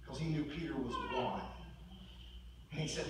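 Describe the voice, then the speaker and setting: A man preaching a sermon as pastor, swinging between loud, pressing declarations and hushed, quiet storytelling. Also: mid-range voice, normal speed, noisy background. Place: church sanctuary. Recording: echoey church hall, mic at a distance.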